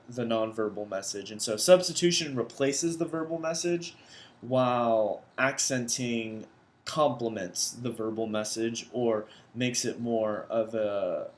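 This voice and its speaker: Young man explaining class vocabulary aloud. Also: mid-range voice. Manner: loose, conversational, thinks aloud as he explains. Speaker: education student presenting vocabulary. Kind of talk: recorded class assignment explanation. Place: indoors at a computer.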